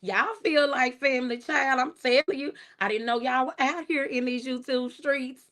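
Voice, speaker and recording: A middle-aged woman with a Texas accent, chatting casually on her livestream, relaxed and soft-spoken, laughing as she reads viewer comments aloud. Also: high-pitched, moderate pace. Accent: Texan. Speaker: livestream host.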